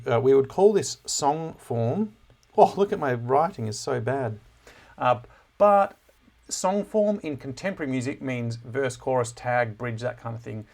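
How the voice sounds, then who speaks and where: A man giving a relaxed music lesson, with many filler words and self-deprecating asides. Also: mid-range voice. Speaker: music teacher. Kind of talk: casual classroom lesson on music analysis.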